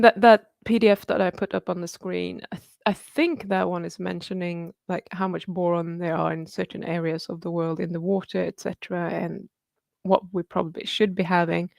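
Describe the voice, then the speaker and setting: A woman's voice: on the low side, gravelly, darkish tone, no echo, studio quality. A woman in her thirties hosting a casual live Q&A, chatty and upbeat, laughing often and swearing casually. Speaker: livestream host answering viewer questions.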